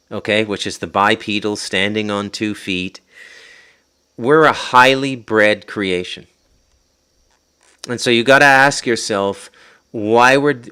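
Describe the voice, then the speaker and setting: A man's voice: on the low side, pushed and bright, smooth. A man with an Ottawa Valley Canadian accent hosting a podcast, rambling off on tangents, restarting sentences and speculating aloud. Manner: rambling, self-interrupting, prone to tangents. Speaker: podcast host. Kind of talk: rambling casual livestream talk. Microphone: podcast mic.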